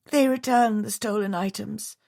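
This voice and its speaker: A woman's voice: mid-range voice, steady tone, moderate pace, creaky, mellow, no room sound, studio quality, voice pushed up, lightly acted. A woman voicing a distraught middle-aged widow, her voice pleading, teary and strained as it rises.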